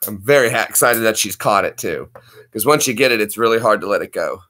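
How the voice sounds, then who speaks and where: A man hosting a casual video chat, rambling through excited stories and adding his own sound effects. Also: on the low side, fast talker. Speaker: channel host.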